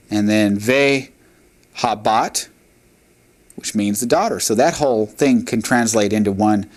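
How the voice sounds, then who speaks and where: A man teaching a recorded language lesson, patient and methodical, often pausing with "uh" and "all right". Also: fairly low pitch.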